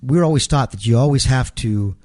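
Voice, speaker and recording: A middle-aged man as an interview guest, telling an emotional personal story in a halting way, repeating words and acting out quotes. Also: medium pitch, darkish tone.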